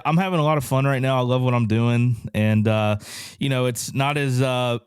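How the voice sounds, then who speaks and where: A man's voice: medium pitch, steady tone, moderate pace, clear, resonant tone, dry recording, studio quality. A young man co-hosting and producing a podcast, chatting casually with plenty of fillers. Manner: chatty, heavy fillers, laughs easily. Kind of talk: casual chat. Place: podcast studio. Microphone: studio microphone.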